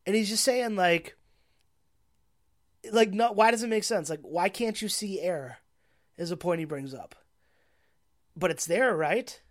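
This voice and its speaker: Young woman, casual movie recap: rambling, sweary, laughing a lot. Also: on the low side. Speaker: movie reviewer.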